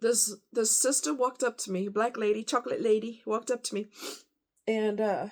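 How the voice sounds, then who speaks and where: A woman's voice: on the high side, steady tone, moderate pace, darkish tone. A woman telling a painful personal story off the cuff, emotional and rambling, with many fillers.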